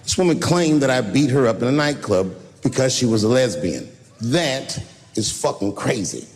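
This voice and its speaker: Animated profane male stand-up comic. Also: medium pitch, normal speed. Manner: animated, profane, jumps between voices. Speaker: stand-up comedian. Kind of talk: stand-up comedy routine. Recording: reverberant venue with faint ambience.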